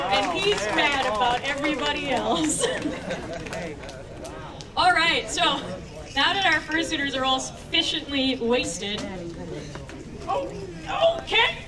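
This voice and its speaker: A woman hosting a convention panel, talking to the crowd in a playful, animated way, often laughing. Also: high voice. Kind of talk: live panel commentary to an audience. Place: convention panel room with audience. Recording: distant camera, crowd noise.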